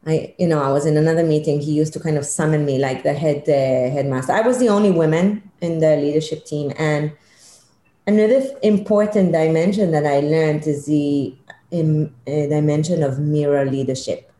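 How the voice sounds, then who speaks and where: A middle-aged woman, a leadership consultant, telling a personal story in an interview, animated and emphatic. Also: low-pitched, normal speed. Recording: echoey room.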